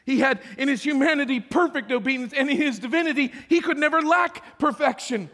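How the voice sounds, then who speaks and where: High-pitched preacher guy, goes from loud cries to whispers, echoing hall behind. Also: fairly quick. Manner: swings between loud cries and hushed whispers; preaches in short repeated phrases. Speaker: pastor. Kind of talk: sermon. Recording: long hall reverb.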